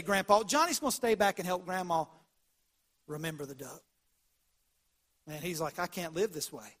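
A high-pitched man, the congregation's pastor, preaches a brisk sermon full of homespun stories, dropping to hushed tones for key points. His delivery swings between loud bursts and quiet moments.

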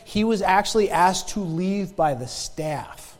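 A man's voice: high-pitched, lively intonation, measured pace, big-room sound. A male pastor preaching a sermon in a conversational storytelling way, often restarting and repeating words and asking the congregation direct questions.

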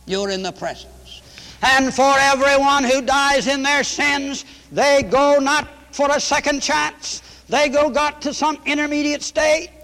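A man preaches with fiery, emphatic conviction, repeating his points and swinging between ringing shouts and low, quiet lines. His voice sits very high. A long reverb trails behind him, as in a large hall. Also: steady tone, unhurried. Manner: preaching with sweeping rises to shouts and drops to low tones; repetitive, emphatic. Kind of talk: fiery radio sermon.

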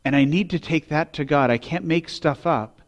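A man delivering a sermon. His voice sits a little high, and he builds intensity as he asks his listeners rhetorical questions. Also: moderate pace, dull audio. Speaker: pastor.

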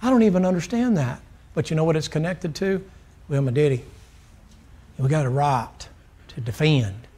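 A man preaching a sermon in a Southern American accent, his voice sitting a little higher than most men's. He talks in a folksy, blunt, fervent way and keeps throwing rhetorical questions at the congregation. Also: moderate pace, long pauses, dark tone. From Southern United States.

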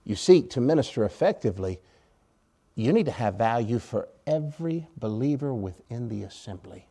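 A man's voice: medium pitch, lively intonation, moderate pace, dark tone. Man preaching a conversational sermon. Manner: conversational, rhetorical questions, wry sarcasm, volume swings. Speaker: pastor.

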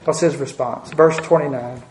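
A man's voice: medium pitch, steady tone, normal speed, a little mellow, a little hiss or hum. A man preaching a sermon in a church, talking earnestly with folksy asides and repeated phrases for emphasis. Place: church sanctuary. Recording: roomy church reverb.

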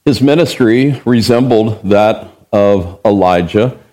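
A man's voice: lowish voice, slow, dark tone. A man preaching an expository Bible sermon as pastor. He is emphatic, asks the listeners rhetorical questions and acts out the verses he quotes.

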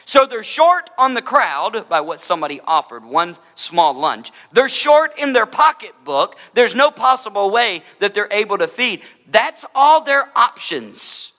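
A man's voice: sits high, big pitch swings, unhurried, hardly any pauses, sharp tone, in a large hall. A man preaching a sermon as a pastor, in a conversational style with humorous asides.

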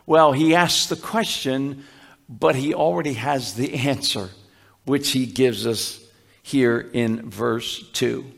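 A male pastor preaching a sermon, teaching patiently, with frequent restarts and slowed, emphatic scripture quotes. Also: mid-range voice, gravelly.

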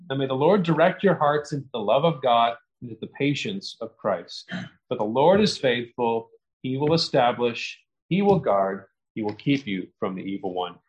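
A middle-aged man preaching a sermon, earnest and expository, growing more animated as he explains scripture. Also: mid-range voice, dull audio. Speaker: pastor.

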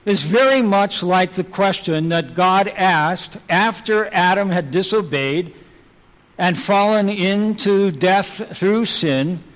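A man's voice: sits high, slow, a bit bright. A man preaching a sermon, driving his points home with emphatic rhetorical questions. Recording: long hall reverb.

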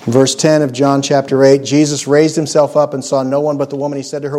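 A man preaching a sermon, earnest and emphatic, letting his voice sink low and soft on key words. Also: level tone, a little fast, few pauses. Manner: earnest, emphatic preaching with dramatic drops in volume; acts out scripture quotes in character voices.

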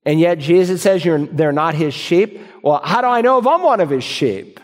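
A pastor preaching a sermon, reading scripture aloud and answering imagined objections from the congregation. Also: male voice, on the high side, animated, normal speed, hardly any pauses, in a large hall.

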